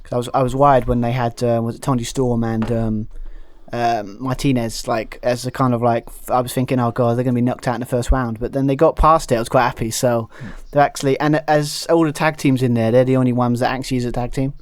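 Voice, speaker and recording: A man's voice: mid-range voice, steady tone, fast talker, dry recording. A man co-hosting a wrestling podcast, rambling with many fillers and restarts and laughing often. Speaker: podcast co-host. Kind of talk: casual chat.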